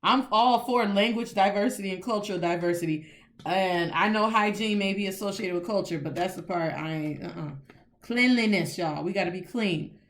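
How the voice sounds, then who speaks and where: A woman's voice: mid-range voice, moderate pace. A woman hosting a casual Spanish lesson, chatty and informal, switching between English and Spanish and spelling words out letter by letter. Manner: informal colloquial speech with "y'all". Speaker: Spanish teacher and host. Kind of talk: casual teaching monologue.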